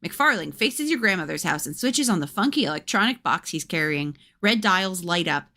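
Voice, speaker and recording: A woman's voice: lowish voice, lively intonation, normal speed, bright, forceful tone. A woman streamer reading a gamebook aloud and breaking off for chatty, wry asides.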